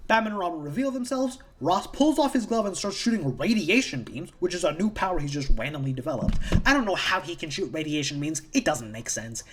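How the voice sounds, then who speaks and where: A comic book reviewer talking through a plot in a casual, meandering recap, swearing freely and circling back on the same phrases. The voice swings up and down a lot, with a lively, animated pitch. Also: brisk, hardly any pauses, background noise. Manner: rambling, profane, repeats themselves.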